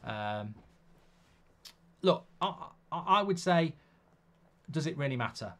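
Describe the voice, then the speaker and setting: A man's voice: on the high side, animated, slow pace. A man hosting a live football watchalong, reading viewer comments aloud and giving blunt, chatty opinions.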